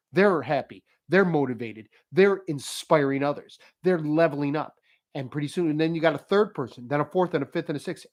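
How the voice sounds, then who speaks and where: A man talking casually as host, telling a story and giving motivational advice, laughing as he goes. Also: fairly high pitch. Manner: animated, laughs while telling stories.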